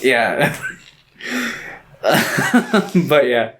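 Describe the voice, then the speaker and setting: A man's voice: mid-range voice, very animated, extremely slow, fairly bright tone, slight background noise. A man co-hosting a movie podcast, retelling scenes in loose, profane casual chat and briefly putting on character voices. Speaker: podcast co-host.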